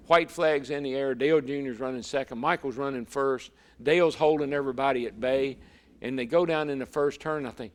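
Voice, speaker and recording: A man of medium pitch talks briskly as an interview guest. Once a racer and now a broadcaster, he tells a vivid story in conversation, frequently repeating words.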